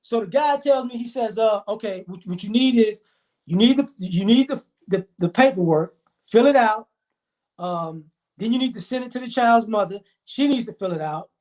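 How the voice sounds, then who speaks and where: A man with a high voice and a darkish tone rants to camera while telling a story. He swears a lot, speeds through it heatedly, and plays out the quoted speech of the people involved.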